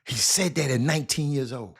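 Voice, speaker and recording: Hosting a live sports talk show, a man with a Southern US accent speaks animatedly and calls out chat viewers by name. His voice is medium-pitched, brisk and slightly rough.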